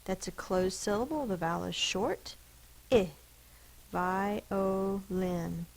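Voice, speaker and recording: A woman's voice: mid-range voice, animated, normal speed, gravelly, slightly rough, low-quality recording. A woman teacher giving a spelling lesson to children, sounding out letters and syllables one by one.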